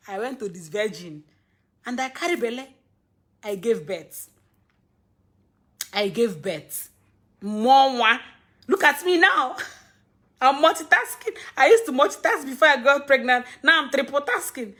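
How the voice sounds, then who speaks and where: A woman's voice: high-pitched, expressive, moderate pace, long pauses, pushed and bright. A young Nigerian woman hosting a casual live stream, rambling, laughing often and scolding her viewers.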